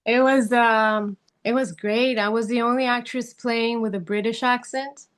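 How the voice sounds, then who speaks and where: Halting, earnest woman actress interviewed. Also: fairly high pitch, steady tone. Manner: halting, searching for words, laughs easily; earnest, speaks of passion and spirituality. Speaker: actress guest. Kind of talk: interview answers.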